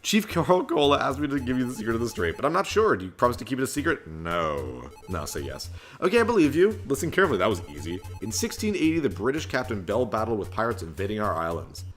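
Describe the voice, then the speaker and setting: A man's voice: medium pitch, very animated, fast talker, fairly bright tone, soft background music. A man voicing an earnest old village chief who tells a legend in a raised, storytelling tone.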